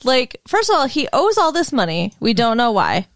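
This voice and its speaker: A woman from Minnesota co-hosting a podcast, chatting casually with quick, wry remarks. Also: on the high side, very animated, no room sound, clean studio sound. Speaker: podcast co-host. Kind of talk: casual chat.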